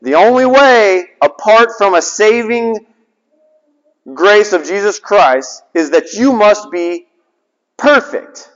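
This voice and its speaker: Speaking slowly in a high, animated voice with a fairly bright tone, a man delivers a sermon full of rhetorical questions and emphatic repetition. Long reverb and dull lo-fi sound mark the recording.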